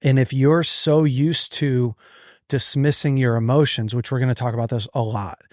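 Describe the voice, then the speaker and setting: Man, podcast host, casual chat, animated storyteller, mid-pitched, dry close sound. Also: moderate pace, dry recording. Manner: animated, acts out inner thoughts.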